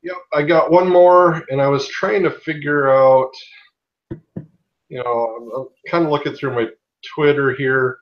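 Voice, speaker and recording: A man's voice: medium pitch, fairly even intonation, measured pace. Chill guy talking comics, kinda lo-fi muffled audio. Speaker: podcast co-host. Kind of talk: casual chat.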